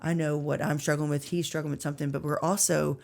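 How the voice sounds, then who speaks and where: A woman's voice: low voice, flat delivery, fast talker, vocal fry, a little mellow. Woman telling a heartfelt faith story. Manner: earnest, emotional storytelling with many fillers. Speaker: podcast guest. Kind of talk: personal faith testimony.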